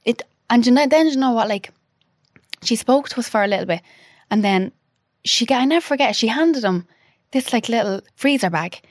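A woman in her thirties, a podcast guest telling an emotional personal story. She talks haltingly, with restarts and quoted dialogue. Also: fairly high pitch, expressive, dry recording, clean studio sound.

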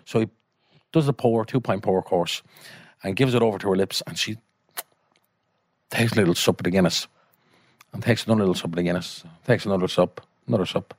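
An Irish man in casual conversation with a low voice. He tells a story with swearing and quick put-on voices. The recording is dry and close. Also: no room sound. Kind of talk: casual anecdote.

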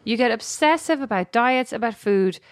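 An Irish woman co-hosting a podcast, teasing her sister and quick to interrupt in casual chat. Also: a little high, expressive, no echo, clean studio sound. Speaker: podcast co-host.

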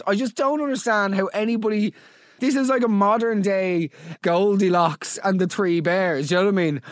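A man's voice: high voice, normal speed, dry recording, clean studio sound. A man with a Dublin Irish accent hosting a comedy podcast, ranting with exasperated, profane sarcasm. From Ireland. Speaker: podcast host.

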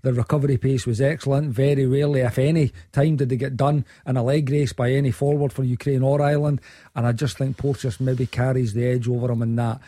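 A man's voice: medium pitch, little pitch movement, quick pace, mellow, dry recording, clean studio sound. A man, a former player, giving football opinions in a hesitant way, often restarting his sentences. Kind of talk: studio sports discussion.

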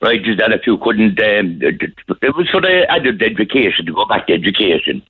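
Husky Cork caller on a phone line. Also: male voice, lowish voice, a little fast. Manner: rambling storyteller, lively. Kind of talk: casual phone-in chat.

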